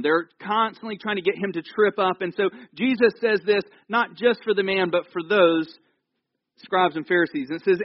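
Pastor, high male voice, chatty sermon with humor, dry slightly muffled recording. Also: no room sound. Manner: animated, jokey storytelling with asides. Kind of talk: conversational sermon. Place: church.

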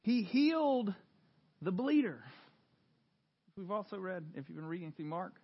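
A man preaching a sermon, retelling scripture with dramatic swings from hushed to loud, animated storytelling. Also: high-pitched, measured pace, slightly rough, dull audio. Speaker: pastor.

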